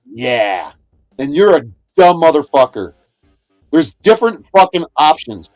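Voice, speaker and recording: A man livestreaming from inside a motorhome, ranting at his chat in a profane, aggressive way and shouting at chatters. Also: on the high side, big pitch swings, unhurried, no room sound, faint music behind. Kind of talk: angry livestream rant.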